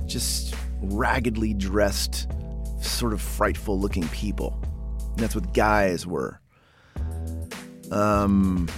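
A man from Oklahoma with a slightly low voice talks through the history of a word in a loose, chatty way. He wanders off on tangents and restarts his sentences as he goes. Soft music plays underneath him. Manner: chatty, digressive, often restarts and corrects himself. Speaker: podcast host. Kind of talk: casual word-history explainer.

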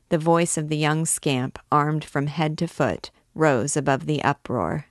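A woman reading a classic novel aloud in measured, clear narration. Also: deep voice, dry recording, studio quality. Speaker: reader. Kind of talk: literary read-aloud.

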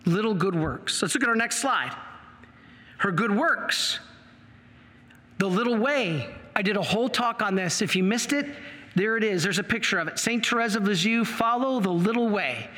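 Impassioned priest preaching in an echoing hall. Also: male voice, high voice, expressive, normal speed, bright, forceful tone. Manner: impassioned, storytelling with acted quotes. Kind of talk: sermon. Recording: long reverb of a large hall.

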